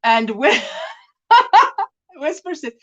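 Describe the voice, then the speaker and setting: A woman's voice: high voice, lively intonation, unhurried, a bit bright, highs cut off. A woman hosting a casual crochet livestream, chatting, reading out viewer comments and laughing often.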